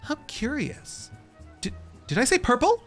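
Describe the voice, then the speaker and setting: A man's voice: extremely high pitch, big pitch swings, a little slow, a bit bright, soft background music, voice pushed up, full character voice. A man reading out game dialogue as a shifty male merchant, stammering and evasive. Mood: flustered. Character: flustered shifty male merchant caught lying.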